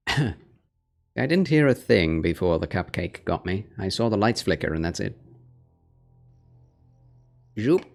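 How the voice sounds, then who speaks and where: Low, slow-talking man streaming a game. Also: animated, gravelly, faint music behind. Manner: talks baby talk and whispers to his cat. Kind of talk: casual gameplay livestream chat.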